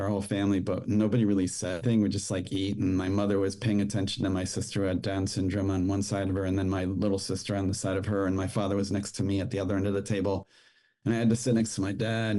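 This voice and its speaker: A middle-aged man appearing as a podcast guest tells a story from his own childhood with emotion, quoting the people involved. His voice is lowish and dark in tone.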